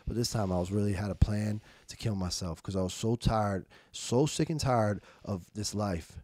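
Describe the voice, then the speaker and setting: A man's voice: on the low side, moderate pace, a little mellow, dry recording. Young man, podcast guest, emphatic, street slang, repeats words, dry sound. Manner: emphatic, repeats words, quotes himself and others. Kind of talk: candid recovery story in conversation.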